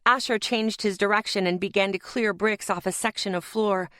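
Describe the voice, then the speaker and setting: Casting: woman, mid-pitched, first-person audiobook narrator, tense dramatic read, dry close sound. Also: steady tone, normal speed, sharp tone, no echo.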